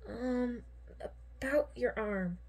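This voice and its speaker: A woman doing a soft, worried teen boyfriend. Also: sits high, unhurried, breathy edge, heavily acted. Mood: nervous. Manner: soft, hushed and hesitant. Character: gentle, worried teen boy, caring boyfriend.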